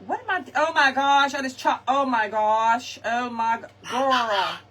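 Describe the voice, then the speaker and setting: Woman, high and lively, casual crafting host, chatty and laughing, slightly distant mic. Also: unhurried. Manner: chatty, laughing, talks to viewers. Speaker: crafting vlogger. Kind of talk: casual live craft chat. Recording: distant mic with faint ambience.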